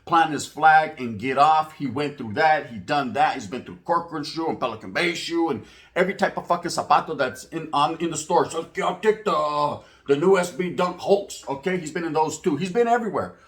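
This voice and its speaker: A man tells a story in a loose, unscripted way. His voice sits a little higher than most men's. He swears freely and leans on street slang laced with Spanish words. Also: brisk, a bit bright. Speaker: channel host. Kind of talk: casual storytelling.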